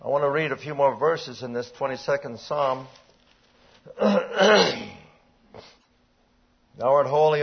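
Older man preaching, slightly high voice, hushed then emphatic, dull lo-fi recording. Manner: reads old-style scripture aloud, swings between hushed and emphatic; frequent throat clearing. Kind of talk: sermon.

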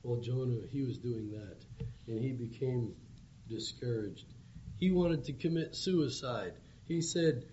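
A man's voice: mid-range voice, unhurried, warm tone. A man preaching an evangelistic sermon, with earnest, pleading appeals. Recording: dull lo-fi recording with faint background hum.

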